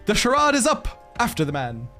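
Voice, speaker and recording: A man's voice: sits high, huge pitch swings, normal speed, bright, forceful tone, faint music behind, pitched above the performer's own voice, heavily acted. A man reading out game dialogue as a theatrical, pompous male detective inspector in a grand, declaiming manner. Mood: triumphant.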